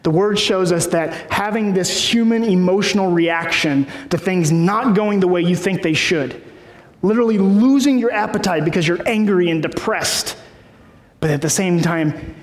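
A man's voice: high-pitched, moderate pace. A man in his thirties preaching a sermon in a conversational way, often checking in with the room. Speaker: pastor. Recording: echoey hall.

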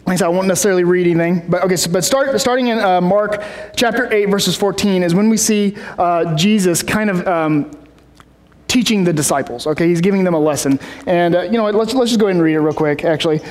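A man's voice: high-pitched, quick pace, darkish tone. A man preaching a casual sermon, rambling with many fillers and restarts, heard in a large hall.

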